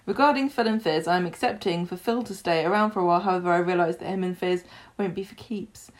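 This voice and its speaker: A woman's voice: fairly low pitch, fast. A woman co-hosting a casual podcast, chatting and reading listener messages aloud. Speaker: podcast co-host.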